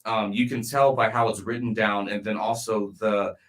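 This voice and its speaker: A man's voice: lowish voice, fairly even intonation, normal speed, fairly bright tone. A man co-hosting a casual podcast chat, explaining ideas at length with many ums and restarts. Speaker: podcast co-host.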